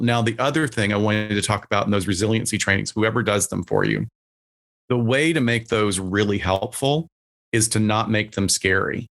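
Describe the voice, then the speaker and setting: Low-voiced male psychologist, plainspoken. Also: brisk. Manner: relaxed, plainspoken, acts out quotes. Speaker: psychologist guest. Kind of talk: casual podcast conversation.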